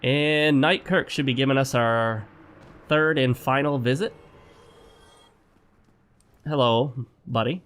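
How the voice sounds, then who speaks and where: A man's voice: medium pitch, unhurried, fairly bright tone, clear, resonant tone. Rambling male gameplay commentator. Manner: rambling, opinionated, talks straight to viewers. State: sick. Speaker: gaming channel host. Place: home.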